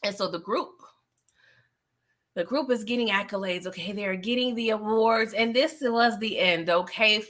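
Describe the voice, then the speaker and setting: A woman's voice: medium pitch, normal speed. A woman hosting a live movie review chat, retelling scenes with emphatic delivery, acting out the characters' lines and laughing often. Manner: animated, emphatic storyteller who acts out the characters' lines. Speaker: channel host.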